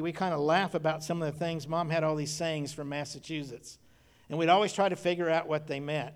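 A middle-aged male pastor delivering a sermon in a homespun storytelling manner. His voice sits a little higher than most men's, and he leans on repeated phrases as he recalls family memories.

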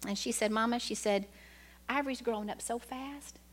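A woman's voice: a little high, moderate pace. An older woman, a grandmother, giving a prepared talk in church, nervous and reading from her typed notes. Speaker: church member sharing a talk.

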